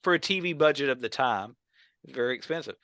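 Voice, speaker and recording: Bright-voiced man telling animated stories. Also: medium pitch, brisk, no room sound. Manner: animated storyteller, acts out quotes. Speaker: podcast co-host. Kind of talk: casual chat about old films and TV.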